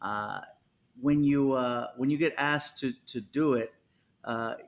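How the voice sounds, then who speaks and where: A man's voice: medium pitch, slow pace. A man, a comedian guest, telling stories in a casual interview and acting out the people he quotes. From United States. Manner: animated, acts out quotes with voices.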